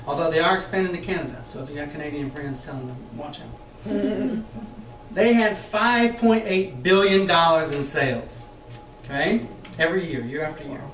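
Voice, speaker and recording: A man leading a sales training session for a live group, talking in a lively, chatty way, laughing often and acting out the voices he quotes. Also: on the high side, normal speed. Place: meeting room with an audience. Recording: echoey room, mic far off.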